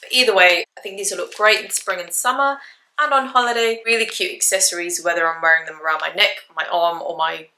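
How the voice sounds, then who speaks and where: Bright-voiced woman chatting a haul. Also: on the low side, brisk, reverberant. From England. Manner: chatty, upbeat, voice jumps up when saying prices. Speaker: fashion haul vlogger. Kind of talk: casual haul chat to camera.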